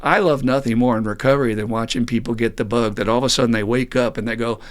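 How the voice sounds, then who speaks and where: A man's voice: mid-range voice, steady tone, fast. A middle-aged man hosting a recovery podcast, talking in an earnest, musing monologue and acting out the voices he quotes. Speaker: podcast host and recovery group counselor.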